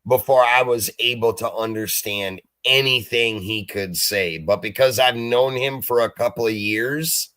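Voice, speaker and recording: An American man hosts a casual livestream chat, blunt and quick to swear. His voice is bright and forceful. The sound is dry, with no room echo. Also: medium pitch. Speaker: livestream host.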